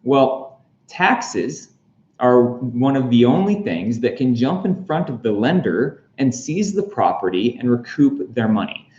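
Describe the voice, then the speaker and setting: A man's voice: mid-range voice, big pitch swings, measured pace, a little mellow. A man hosting a casual explainer vlog, chatty and full of fillers and jokey asides. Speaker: real estate explainer host. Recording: roomy, slightly dull recording.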